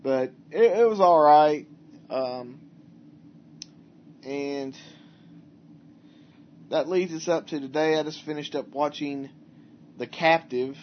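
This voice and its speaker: Chatting casually about films as a podcast co-host, a man with a slightly high voice rambles and stops to restart often, filling gaps with fillers. The lo-fi recording sounds dull and carries slight background noise.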